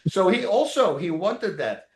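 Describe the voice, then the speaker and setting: A man telling lively, rambling anecdotes as an interview guest, acting out other people's lines and laughing often. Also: sits high, measured pace. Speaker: actor and former fighter, interview guest. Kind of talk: casual interview storytelling. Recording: roomy echoey sound.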